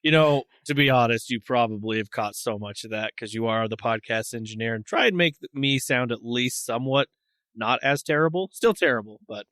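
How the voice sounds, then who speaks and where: A man's voice: medium pitch, fairly quick, a bit bright, no echo. A man in his thirties hosting a podcast in casual chat, joking and laughing often. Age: 30s. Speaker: podcast host.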